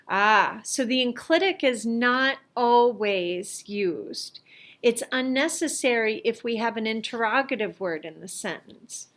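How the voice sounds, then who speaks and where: A middle-aged woman teaching a lesson, explaining slowly and carefully with the odd filler as she reviews worksheets. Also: fairly high pitch, fairly bright tone. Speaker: Latin teacher.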